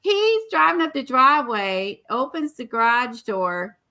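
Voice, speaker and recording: Woman vlogging, chatty and rambling, lots of ums, bright kinda sharp voice. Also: high-pitched, very animated, measured pace. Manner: chatty storytelling with many fillers. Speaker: art vlogger. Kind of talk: casual chat.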